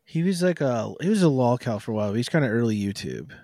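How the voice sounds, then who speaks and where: A man's voice: medium pitch, animated, fast talker, dark tone, no echo, clean studio sound. A man co-hosting a podcast, telling stories in crude casual chat with frequent laughs. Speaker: podcast co-host.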